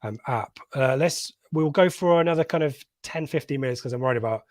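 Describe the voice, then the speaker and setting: A man's voice: medium pitch, fairly quick, no room sound, clean studio sound. A man co-hosting a live fan podcast, chatting casually, laughing often and reading out viewer comments. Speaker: podcast co-host. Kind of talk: casual live reaction chat.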